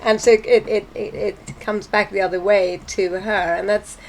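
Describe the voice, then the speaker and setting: A woman's voice: medium pitch, steady tone, moderate pace, a little hiss or hum. A woman psychotherapist speaking as a podcast guest in a reflective way, often repeating words as she thinks. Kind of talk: casual chat.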